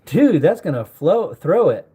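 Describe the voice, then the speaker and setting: A man's voice: a little high, big pitch swings, a little slow, warm tone, husky. A man hosting a firearms channel, chatting casually with slangy, joking banter.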